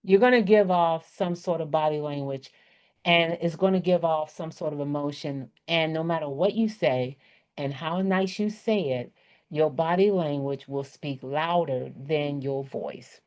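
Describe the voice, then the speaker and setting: A woman's voice: low voice, a little slow, darkish tone, muffled recording. A woman leading a casual online workshop, chatty and laughing often as she acts out different tones of voice. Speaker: workshop presenter. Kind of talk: casual teaching talk.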